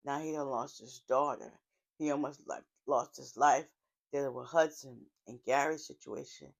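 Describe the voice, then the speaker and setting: Recapping a TV drama episode, a woman speaks at a moderate pace in a bass, husky voice with vocal fry and a steady tone. She tells it like a warm, chatty story, frequently using fillers and going off on asides.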